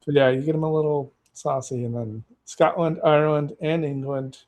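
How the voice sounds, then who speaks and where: Male podcast host from Texas, casual and animated, does quick voices for the people he quotes. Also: on the high side. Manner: animated storyteller who acts out quoted voices. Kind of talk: casual chat.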